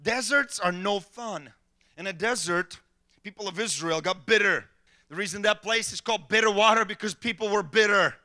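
A man's voice: high-pitched, moderate pace. A man preaching a sermon as pastor, telling personal stories and acting out what people said to him. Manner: animated storytelling, acting out quotes.

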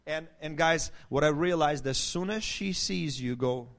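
A man pastor giving lively marriage advice, often turning to the audience as guys. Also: fairly high pitch, measured pace. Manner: animated preachy delivery, addresses the audience as guys. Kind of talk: marriage teaching talk with a co-host.

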